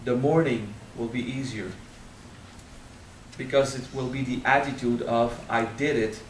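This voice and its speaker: A man in his thirties with a French accent, speaking at a spiritual seminar, frank and animated, swearing casually and drawing out key words. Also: mid-range voice, measured pace, reverberant, far from the mic, slight background noise, low-quality recording. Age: 30s. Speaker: spiritual teacher. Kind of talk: seminar talk.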